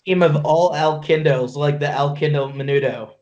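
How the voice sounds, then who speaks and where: A man's voice: a little high, steady tone, normal speed, a little mellow, highs cut off. A man joining a podcast, dropping wry jokes in casual banter. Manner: joking, wry.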